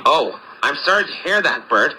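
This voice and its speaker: A man voicing a friendly male train engine in a high, put-on voice, speaking kindly and with sympathy. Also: big pitch swings, normal speed, bright, forceful tone, slightly rough, heavily acted, poor audio. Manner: sympathetic, kind.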